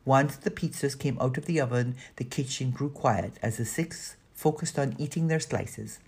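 A woman narrating a children's audiobook in a lively, expressive storytelling manner, with a breathy voice. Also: rumbling low, normal speed.

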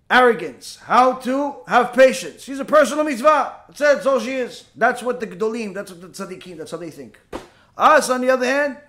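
A man's voice: very high-pitched, a bit bright. A man giving a sermon, telling a story dramatically, repeating key phrases and asking rhetorical questions. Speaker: preacher.

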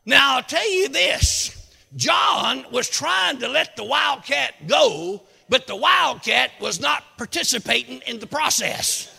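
A man preaching a sermon, telling a folksy tall tale with shouts and whoops. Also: very high voice, lively intonation, slow, gravelly, husky, in a large hall. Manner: shouting, hollering storyteller with whoops.

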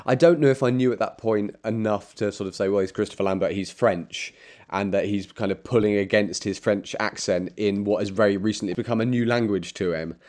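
Low-pitched man co-host, thoughtful, self-deprecating film chat. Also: a little fast, darkish tone. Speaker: podcast co-host. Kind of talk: casual film-discussion chat.

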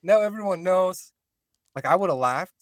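A man in relaxed casual conversation, full of fillers and slang. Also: high-pitched, normal speed. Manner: relaxed, filler-heavy, says dude and like. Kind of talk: casual chat.

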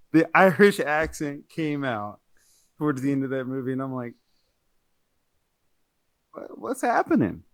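A man talks loosely through a movie review on a podcast, stopping to correct himself mid-sentence. His voice sits at an average pitch for a man. The sound is close and dry, with no room around it. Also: moderate pace, long pauses, a bit bright, clear, resonant tone, no echo. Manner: chatty, rambling, self-correcting. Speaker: podcast co-host. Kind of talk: casual movie-review chat.

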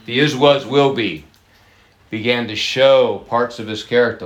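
Pastor guy preaching to the church, laughs a lot, roomy echoey sound. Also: medium pitch. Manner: lively, slows down to stress key words, laughs often. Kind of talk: sermon with congregation banter.

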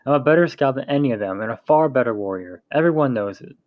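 A man's voice: mid-range voice, animated, quick pace, no room sound, lo-fi sound, lightly acted. Man voicing a defiant young warrior woman. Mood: indignant. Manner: defiant, annoyed.

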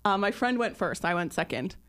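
Talking a little fast at medium pitch, this thirtysomething podcast co-host relates an anecdote with energy, putting on voices for each person involved.

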